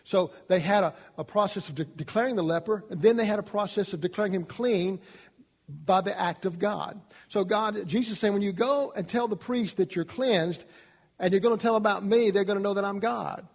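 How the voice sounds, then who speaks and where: Man, pastor, sermon, high voice, emphatic, long hall reverb. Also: fairly quick. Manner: emphatic preaching, rising in pitch and loudness on key points.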